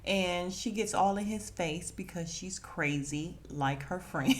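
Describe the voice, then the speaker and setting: A woman hosting a podcast, recapping a reality dating show in a sassy, animated way. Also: on the low side, slow. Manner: sassy, animated, quotes cast members with attitude. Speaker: podcast host.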